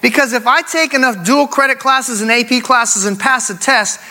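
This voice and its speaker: A man's voice: extremely high pitch, normal speed, sharp tone. A middle-aged man preaching a sermon, driving points home with emphatic repetition and calling for responses from the congregation. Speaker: pastor.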